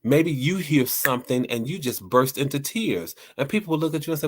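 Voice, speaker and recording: A man's voice: mid-range voice, very animated, brisk, hardly any pauses. A man hosting a talk show, speaking lightheartedly to his listeners and often restarting and repeating words as he rambles. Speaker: host.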